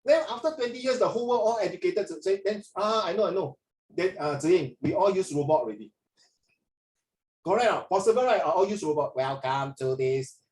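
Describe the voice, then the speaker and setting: A man, teaching a classroom lesson in an animated way and mixing in Mandarin. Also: high voice, a little fast. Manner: animated, mixes in Mandarin, frequent "ah" tags. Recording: echoey classroom from a distance.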